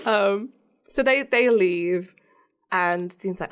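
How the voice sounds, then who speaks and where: Woman on a podcast, casual chatty recap, laughs a lot, mid-pitched voice. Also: takes it slowly, clean tone. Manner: chatty, laughs often, acts out quotes from the episode. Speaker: podcast co-host. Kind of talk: casual chat recapping a TV episode.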